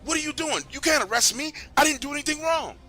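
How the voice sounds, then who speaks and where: A man voicing an angry male boss who turns defensive and shouts in a high voice. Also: animated, brisk, breathy edge, soft background music, full character voice. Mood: panicked.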